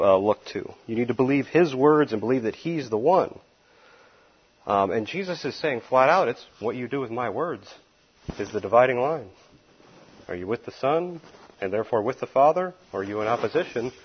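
Husky, animated preacher man. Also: mid-range voice, highs cut off. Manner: emphatic, folksy, sometimes laughs at his own asides. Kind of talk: expository Bible teaching.

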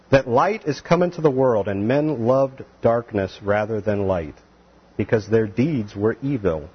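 Animated male Bible teacher, husky voice. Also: medium pitch, dull audio. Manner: animated, acts out voices of biblical figures.

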